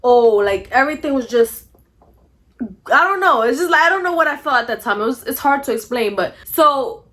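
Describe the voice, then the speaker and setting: A young woman tells a storytime in a casual vlog, animated and blunt, swearing freely. Her voice is a little high, and she coughs often between phrases.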